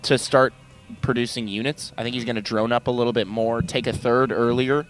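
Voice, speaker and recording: A man casting a video game match, breaking down strategy in an analytical, measured way. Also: mid-range voice, steady tone, soft background music. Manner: analytical, measured, speaks in quick asides. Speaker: esports caster. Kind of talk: play-by-play game commentary.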